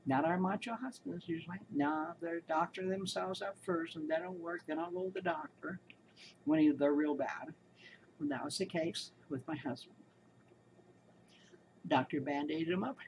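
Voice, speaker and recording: A woman's voice: low-pitched, a little hiss or hum, low-quality recording. A woman giving casual spoken commentary, telling her story in an indignant, emphatic and rambling way. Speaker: commentator recounting a hospital experience.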